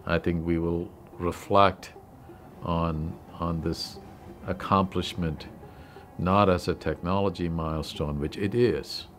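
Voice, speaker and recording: A man's voice: low-pitched, fairly even intonation, takes it slowly, fairly bright tone, slight background noise. A man, a lab leader, speaking emphatically about the big picture in a documentary interview.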